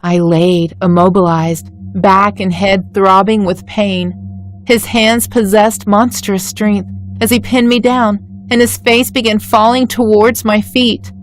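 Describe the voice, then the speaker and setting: Female narrator for a first-person horror tale, measured, dramatic delivery at a mid pitch over faint music. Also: level tone. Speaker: story narrator.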